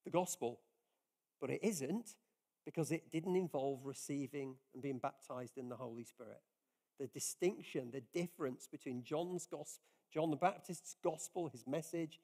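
A man's voice: fairly high pitch, warm tone. A man preaching a sermon in an earnest, conversational way, often restarting his sentences as he talks to his congregation. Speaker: pastor. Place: church service.

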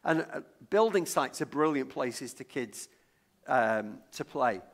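A middle-aged Lancashire man preaches a chatty sermon, recounting a childhood story, stumbling and repeating words mid-sentence, and asking the congregation to call out guesses. His mid-range voice is expressive and slow.

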